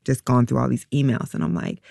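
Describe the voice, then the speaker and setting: A woman with a gravelly, creaky voice tells a painful personal story in an interview. She speaks haltingly and reflectively, pausing and restarting often, and sounds close to tears. The recording is dry and close, with no room sound. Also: very deep voice, lively intonation, dark tone, no echo. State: emotional, near tears. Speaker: interview guest, a mother.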